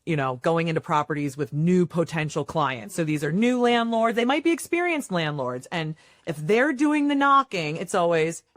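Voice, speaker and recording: A woman hosting a podcast, chatting casually and telling animated stories in which she acts out what people said. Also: lowish voice, moderate pace. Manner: animated storytelling, acts out quotes. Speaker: podcast host. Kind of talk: casual chat.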